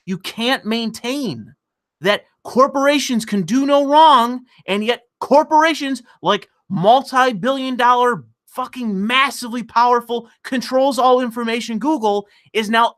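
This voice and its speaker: A man's voice: high-pitched, fairly bright tone. A man ranting sarcastically and with profanity on a live stream of political commentary, sometimes laughing at his own point.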